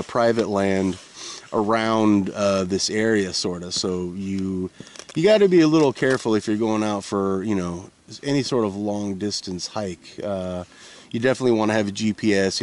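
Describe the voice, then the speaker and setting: A man rambling casually at a winter forest camp, meandering with lots of uhs and restarts. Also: lowish voice. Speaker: vlogger.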